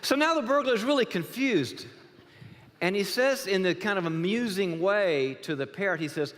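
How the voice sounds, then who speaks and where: A man's voice: high voice, expressive, normal speed, fairly bright tone. A man giving a humorous church talk as a guest speaker, telling a joke story to the congregation. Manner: joking storyteller. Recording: reverberant church hall.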